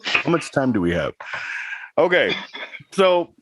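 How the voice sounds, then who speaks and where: A man's voice: medium pitch, big pitch swings, slow pace, slight background noise. A man in his thirties, a podcast co-host, chatting casually and telling a rambling story with laughs. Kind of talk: casual chat.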